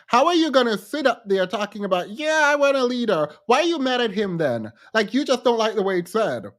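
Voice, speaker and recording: A man hosting a livestream, commenting with animated, incredulous rhetorical questions and repetition. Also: high-pitched, brisk. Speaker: podcast host.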